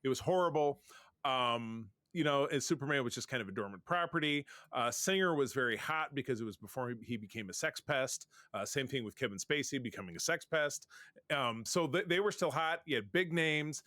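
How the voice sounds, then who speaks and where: A man's voice: medium pitch, lively intonation, fairly quick, bright, forceful tone, dry recording, studio quality. A man co-hosting a casual pop-culture podcast, chatty and opinionated, often cutting himself off mid-sentence. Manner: chatty, self-interrupting, opinionated. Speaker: podcast co-host. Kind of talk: casual chat.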